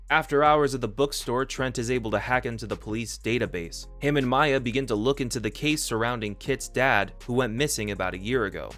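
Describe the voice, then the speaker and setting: A man's voice: medium pitch, fairly bright tone. A man narrating a casual review video, rambling and correcting himself with offhand asides.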